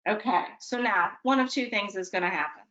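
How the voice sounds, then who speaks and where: A woman gives a parenting webinar in a relaxed, conversational way and keeps tagging her points with a quick "okay?". Her humor is dry and a little self-mocking. Her voice sits at a middle pitch and comes through a dull, lo-fi online call. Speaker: presenter.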